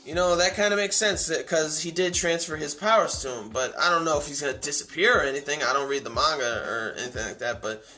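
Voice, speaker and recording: A man with a somewhat high voice talks through an anime episode in a loose, casual recap. He rambles eagerly and restarts his sentences often, filling the gaps with "uh" and "like." Faint music plays quietly in the background. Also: fast talker, few pauses. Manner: rambling, many fillers and restarts; enthusiastic. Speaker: anime reviewer.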